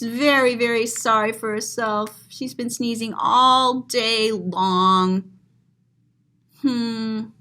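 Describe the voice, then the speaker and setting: A woman's voice: on the high side, pushed and bright. A woman teacher reading a picture book aloud to children, dramatic and describing each picture aloud with gasps and exclamations. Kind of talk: expressive children's read-aloud.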